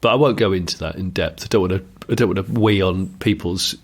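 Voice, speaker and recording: A British man co-hosting a car podcast, slightly gravelly today, rambling and jokey with frequent ums. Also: deep voice, fast. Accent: British English. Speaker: podcast co-host, journalist. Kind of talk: casual chat.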